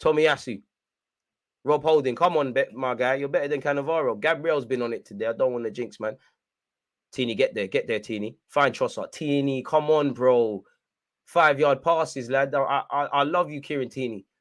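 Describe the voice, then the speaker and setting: A young man giving live fan commentary on a football match, shouting at the referee and players and urging his team on. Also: medium pitch, normal speed. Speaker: football watchalong host.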